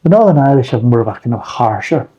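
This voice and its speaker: A man's voice: medium pitch, big pitch swings, quick pace, dark tone, breathy edge, highs cut off. A man reviewing beer in a rambling, blunt casual chat, swearing freely.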